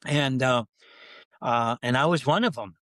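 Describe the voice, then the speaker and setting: Animated middle-aged male pastor telling a story. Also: measured pace, no echo. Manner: animated storyteller who acts out his own prayers, pitch rising when excited. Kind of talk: podcast storytelling.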